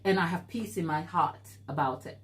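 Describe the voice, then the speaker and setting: A baking show host runs a live stream, answering viewer comments in an earnest, encouraging way and laughing easily. Her voice is fairly low and she talks at a normal speed.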